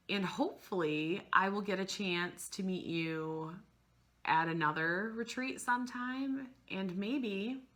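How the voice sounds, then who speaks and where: Gushing, teary woman vlogger, bright tone. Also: lowish voice. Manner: rambling, gushing, trails off mid-sentence. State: emotional, close to tears. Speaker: cross-stitch vlogger. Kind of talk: casual chat to camera.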